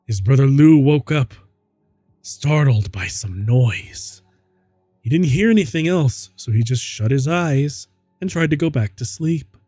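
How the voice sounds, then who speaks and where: A man's voice: medium pitch, animated, a little slow, mellow, no room sound, faint music behind. A man streaming himself reading a story aloud, laughing at the text and adding mocking asides. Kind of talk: casual dramatic reading.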